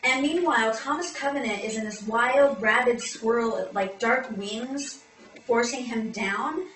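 A chatty woman retelling a fantasy novel with lots of fillers, as if among friends. Her voice is high and bright, and it sounds echoey from a mic set well back in the room. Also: unhurried, recorded from a distance. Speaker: podcast co-host. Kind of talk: comic book-club recap.

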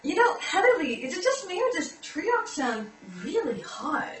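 A breezy woman chatting about a book with a lot of "like". Her voice is high and swoops up and down, and it echoes in a room from a mic set well back. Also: very animated, normal speed, far from the mic. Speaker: podcast co-host. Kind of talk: comic book-club chat.

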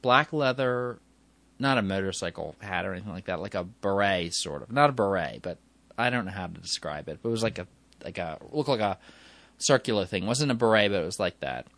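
Man, low voice, dry close sound, rambling anecdote full of restarts and asides. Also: expressive, fairly quick, fairly bright tone, no room sound. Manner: meandering, self-correcting, with chuckles. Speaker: storyteller.

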